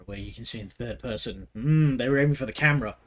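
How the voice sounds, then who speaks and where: A man's voice: medium pitch, fast talker, a bit bright. A man giving casual let's-play commentary, joking and sarcastic, swearing freely. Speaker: gaming video host.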